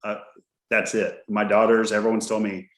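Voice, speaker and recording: A middle-aged man hosts a podcast in a casual, jokey storytelling way. His voice sits somewhat low. The sound carries a roomy echo around it. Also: flat delivery, moderate pace. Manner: chatty storyteller, jokey and loose. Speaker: podcast host. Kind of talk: casual chat.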